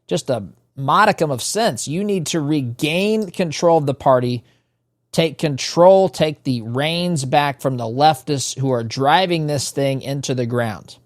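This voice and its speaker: A man's voice: medium pitch, no echo, clean studio sound. A male radio talk show host delivering an emphatic political monologue, repeating phrases and speaking straight to his listeners. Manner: emphatic, repetitive addresses to listeners.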